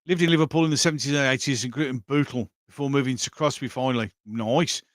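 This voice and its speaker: A man's voice: mid-range voice, fairly even intonation, fast, dry recording, studio quality. A middle-aged man with a Birmingham accent, hosting a casual livestream chat, blunt and bawdy, often laughing. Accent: Birmingham (Brummie). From England. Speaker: livestream host reading chat.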